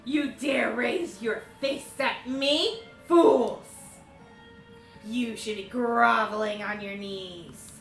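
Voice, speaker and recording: A woman voicing a haughty female villain boss, reading her taunts aloud in a grand, scornful, drawn-out way. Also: on the high side, gravelly, roomy sound, faint music behind, heavily acted. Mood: gloating.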